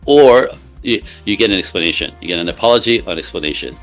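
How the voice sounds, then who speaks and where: A man with a fairly low voice talks as a relationship coach in an interview. He is emphatic and often tags his points with a quick "right?". Faint music plays softly underneath. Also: animated. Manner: emphatic, keeps checking in with "right?". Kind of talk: interview guest explaining with examples.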